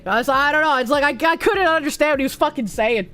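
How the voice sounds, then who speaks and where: A high-pitched woman races through donation messages on a casual livestream, talking quickly with few pauses over faint background music. She swears casually, gasps here and there, and sings short snippets in a lively manner.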